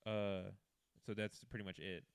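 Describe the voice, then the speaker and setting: A man's voice: fairly low pitch, fairly even intonation, moderate pace, clean tone. A man giving a loose, rambling recap of manga chapters as a casual reviewer, full of fillers and trailing asides.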